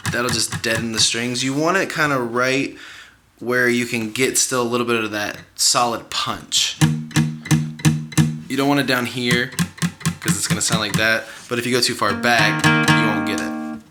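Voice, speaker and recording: A young man teaches a song on guitar, with a medium-pitched, easygoing voice. He encourages practice and counts beats aloud. Guitar playing sounds clearly under his talk. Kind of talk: guitar tutorial.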